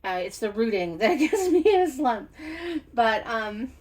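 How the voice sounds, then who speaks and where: A middle-aged woman, a doll artist and teacher, talking through a casual unboxing vlog in a chatty, reflective way with many fillers and soft laughs. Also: a little high, big pitch swings, a little slow.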